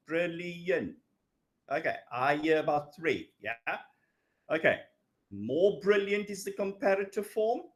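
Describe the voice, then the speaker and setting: A man teaching an English grammar lesson, drawing out his words and checking in with "okay" and "yeah" as he goes. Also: fairly high pitch. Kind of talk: recorded grammar lecture.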